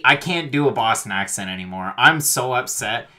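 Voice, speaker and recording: A man with a mid-range, bright and forceful voice jokes his way through a podcast panel answer. He is sarcastic and teasing, then pitches his choice with energy. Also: expressive, normal speed, few pauses. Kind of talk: jokey podcast panel take.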